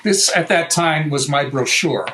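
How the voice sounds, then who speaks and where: An older American man, a guitar maker, telling a story in a lively, casual way, swearing now and then and acting out what people said. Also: a little high, measured pace, a little hiss or hum, low-quality recording. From United States. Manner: animated, swears, acts out quotes. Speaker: guest luthier.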